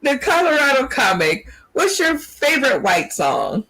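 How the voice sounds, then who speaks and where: A woman's voice: high voice, sing-song, unhurried, a crowd in the background, low-quality recording. A woman hosting an online comedy panel, asking questions with laughing, exclaiming reactions. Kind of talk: quiz-style show hosting.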